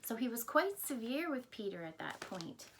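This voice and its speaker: A woman's voice: a little high, very animated, normal speed, a bit bright, a little hiss or hum. A woman teaching a Sunday school lesson, retelling a Bible story in simple words and often reminding her listeners of earlier lessons.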